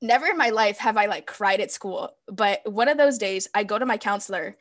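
A woman's voice: medium pitch, a little fast. A young woman, a podcast guest, telling a personal story in casual chat and acting out what she said back then. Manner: animated storyteller acting out her own past dialogue.

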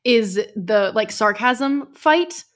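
A woman's voice: on the high side, expressive, takes it slowly, a bit bright. A woman hosting a fan podcast, gushing and enthusiastic in casual chat. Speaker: podcast host.

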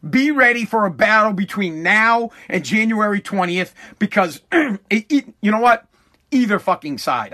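A man, hosting a casual rant monologue in a profane, animated way, repeating himself as he goes. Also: high-pitched. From Massachusetts.

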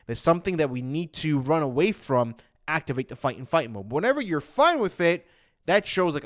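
A man's voice: fairly high pitch, big pitch swings, brisk. A man talking casually as an anxiety coach, retelling his own past thoughts in a chatty way. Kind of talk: casual motivational talk.

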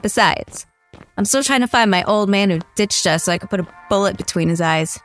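An actress playing a sardonic, cocky young wasteland drifter in an audio drama. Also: female voice, mid-range voice, brisk, a bit bright, faint music behind, lightly acted.

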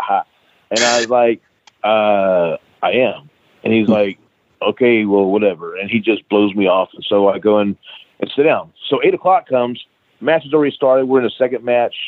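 Speaking in a lowish voice with no echo, a middle-aged wrestling trainer guesting on an interview show tells an animated, profanity-laced tale and plays out the dialogue. The audio comes through a tinny, phone-like line.

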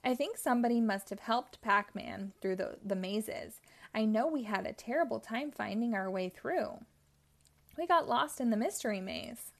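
A woman's voice: fairly high pitch, animated, moderate pace, gravelly. A woman voicing bumbling, whiny male ghosts in a children's story. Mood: whiny scheming.

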